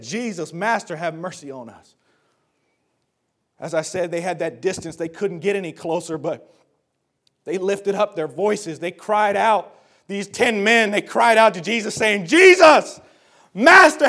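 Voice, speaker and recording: Man, high voice, sermon, hushed to shouting, repeats phrases. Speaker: preacher.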